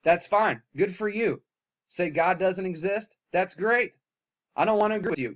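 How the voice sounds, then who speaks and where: Man ranting heatedly, slightly high voice. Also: animated, moderate pace. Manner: swings from loud, heated outbursts to low, weary muttering. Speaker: vlogger. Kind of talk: impassioned rant to camera.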